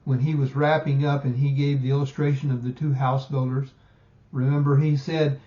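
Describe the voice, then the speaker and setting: A man's voice: mid-range voice, little pitch movement, mellow. Emphatic male Bible teacher, lo-fi. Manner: emphatic, slows down to stress key words. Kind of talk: recorded Bible study lesson.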